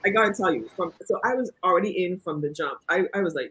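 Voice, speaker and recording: A woman, a guest author telling lively, laughing anecdotes in a casual interview. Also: on the low side, fast, noisy background.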